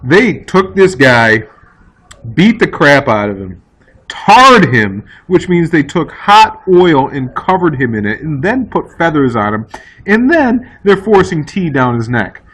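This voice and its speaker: A man giving a relaxed recorded history lesson, loose and conversational, with plenty of fillers and playful asides. Faint noise and the odd click sit under his voice. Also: fairly high pitch, a little slow, poor audio. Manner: casual, chatty, with fillers and quoted asides. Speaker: history teacher. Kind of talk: recorded classroom lecture.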